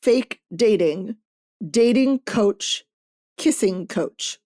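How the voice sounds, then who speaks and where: A woman hosting a podcast, chatting casually about books in an animated way, swearing freely and acting out lines. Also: medium pitch, very slow, dry recording, studio quality. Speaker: podcast host reviewing romance books. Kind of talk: casual chat.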